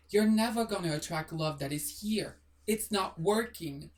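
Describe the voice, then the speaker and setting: A blunt, sassy host talking straight to camera in a motivational monologue, firing off rhetorical questions and tossing in a casual swear. The voice sits at a middling pitch. It sounds like it was recorded a little back from the mic. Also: normal speed, few pauses, recorded from a distance. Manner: swears casually, apologizes jokingly. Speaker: manifestation video host.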